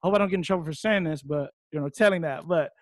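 Excitable high-voiced young man. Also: very fast, a little hiss or hum. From Hawaii. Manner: excitable, rambling, bursts into loud shouts. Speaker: fighter telling his story. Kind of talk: casual interview talk.

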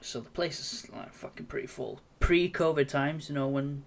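A young man telling a story in casual chat, animated, sweary and self-mocking. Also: fairly high pitch, moderate pace, vocal fry. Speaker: podcast co-host.

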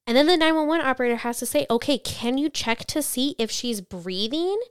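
Woman, casual true-crime podcast narration, smooth voice, dry room. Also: sits high, brisk, few pauses, dry recording. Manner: chatty, reads quotes flatly then reacts. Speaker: podcast co-host, storyteller.

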